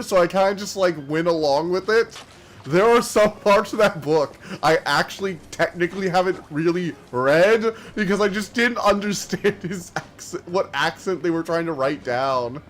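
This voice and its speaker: Male game streamer, a bit high-pitched, quick and slurred, rambling casual chat. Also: fairly bright tone. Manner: talks fast and slurs words together; chatty and rambling, many fillers. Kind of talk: casual live-stream chat while gaming.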